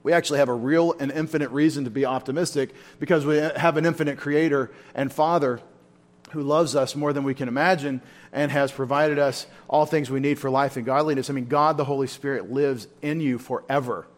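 A man's voice: mid-range voice, steady tone, fairly quick. A man teaching a Bible study in a church, talking informally and asking his listeners questions. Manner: informal, asks the room questions.

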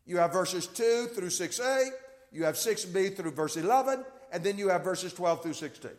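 A man's voice: high voice, expressive, moderate pace. A man teaching a Bible class, explaining step by step, repeating key points and checking that listeners follow. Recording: long reverb of a hall.

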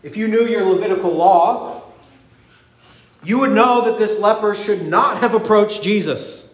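High-voiced man preaching in echoey church. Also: a little slow. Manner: animated preaching, acting out voices in the story. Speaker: pastor. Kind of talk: sermon. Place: church sanctuary.

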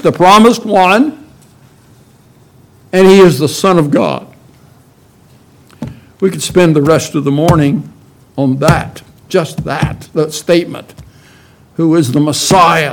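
A man delivering a sermon at an unhurried, measured pace. His voice sits a little above the usual male range, and he leans hard on key words and asks his listeners question after question. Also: fairly high pitch. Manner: emphatic, rhetorical questions, slow deliberate delivery. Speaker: pastor.

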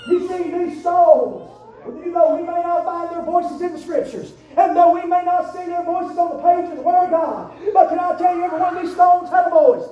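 A man preaching a sermon in a church, shouting in rising, chanted cadences. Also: very high-pitched, normal speed, highs cut off, a faint crowd. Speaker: pastor. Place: church sanctuary. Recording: roomy church sound from a distant mic.

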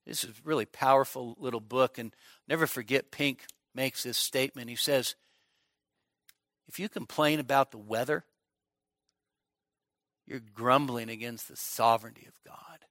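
A man's voice: mid-range voice, normal speed, long pauses, a bit bright, no echo, clean studio sound. A middle-aged man preaching an expository sermon at a midweek church service, emphatic, often repeating words as he builds a point. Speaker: pastor.

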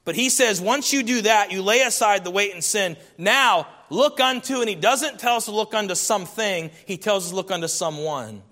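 A man's voice: high voice, normal speed, few pauses, pushed and bright. A man preaching a sermon, reading scripture aloud and building emphatic lists of repeated phrases. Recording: long hall reverb.

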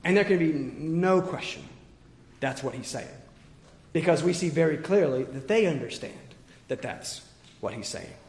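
A man preaching an expository sermon with emphatic points that swing from forceful to quiet. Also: fairly high pitch, animated, moderate pace. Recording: echoey hall with long reverb.

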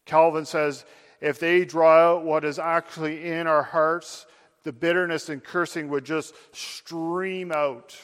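A man's voice: a little high, little pitch movement, slow, a bit bright, big-room sound. A man preaching a sermon, addressing his listeners directly with earnest, building emphasis.

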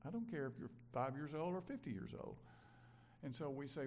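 An older pastor preaches in a loose, conversational way. His voice sits a little high, and he moves from loud, stressed points to quiet asides. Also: animated, a little fast. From Mississippi, USA. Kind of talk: sermon.

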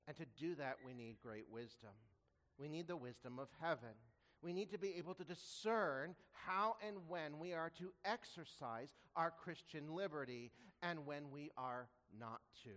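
A man preaching a sermon as a pastor, earnest, asking rhetorical questions and slowing down to stress quoted scripture. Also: on the high side, fairly bright tone, in a large hall. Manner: earnest, rhetorical questions, slows for emphasis when quoting scripture.

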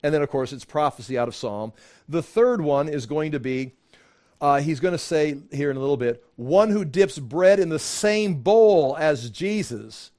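A man leads a Bible study in a loose, chatty way, with a voice pitched a little higher than most men's. He often restarts his sentences and briefly acts out the lines he quotes. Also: animated, normal speed, a little mellow. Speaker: Bible teacher.

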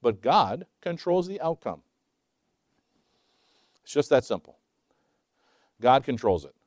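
An older man in his sixties preaches a sermon, firing rhetorical questions at his listeners. He swings from loud, emphatic lines to quiet, hushed asides. His mid-pitched voice sounds dry and close to the mic. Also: very animated, slow, no echo.

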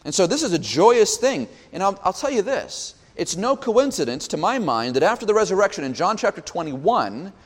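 A man preaching a sermon as pastor, his voice rising with emphasis and dropping low on solemn points. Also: sing-song, moderate pace, few pauses, long reverb tail. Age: young adult.

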